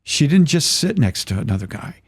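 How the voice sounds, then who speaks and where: An older man, a podcast guest, telling a lively story in casual conversation and acting out the voices of the people in it. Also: on the high side, a little fast, breathy edge. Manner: acts out voices in his stories, chuckles often.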